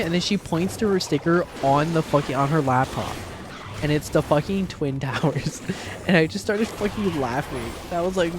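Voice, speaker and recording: A man's voice: mid-range voice, normal speed, noisy background. A man streaming, ranting casually with lots of swearing and mocking impressions of people he quotes. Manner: ranting, sarcastic, swears often; mocking voices when quoting people.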